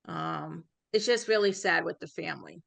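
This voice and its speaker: A woman speaking softly and hesitantly, with sadness, during an online community meeting. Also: fairly low pitch, normal speed, vocal fry, no echo. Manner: soft-spoken, sad, hesitant.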